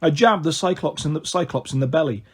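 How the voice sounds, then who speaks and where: A man reading a novel aloud in first person, with expressive, animated narration. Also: fairly high pitch, fast talker, husky. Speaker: storyteller.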